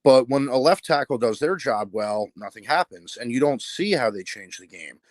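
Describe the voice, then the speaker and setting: A man's voice: mid-range voice, expressive, normal speed, no echo. A man calling in to a sports show, casual, level-headed and explanatory. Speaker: caller. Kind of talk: casual sports call-in talk.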